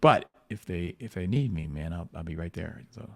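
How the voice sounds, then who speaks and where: A man's voice: sits low, expressive, normal speed, gravelly, fairly bright tone. A man, a comic book artist, talking casually on a livestream while painting, rambling with frequent restarts and lots of "you know".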